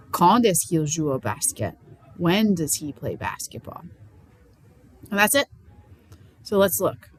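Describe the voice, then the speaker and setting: A woman's voice: on the low side, slight background noise, rough recording. A woman teaching French question words in an upbeat, playful way. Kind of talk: lesson.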